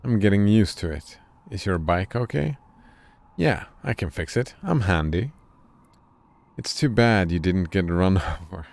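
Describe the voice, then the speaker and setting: Deep gravelly guy reading game lines on stream, slow and deadpan. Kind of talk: reading game dialogue aloud.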